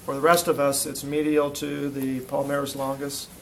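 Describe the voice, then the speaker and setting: A man's voice: mid-range voice, monotone, moderate pace, creaky, a little hiss or hum, low-quality recording. A male instructor teaching a classroom lesson, quizzing students as he demonstrates muscle testing on a volunteer. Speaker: physical therapy instructor.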